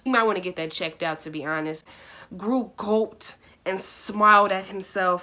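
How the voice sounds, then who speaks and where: A young woman on YouTube reading fan fiction aloud, breaking off into blunt, sarcastic asides and sudden loud outbursts. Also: medium pitch, moderate pace.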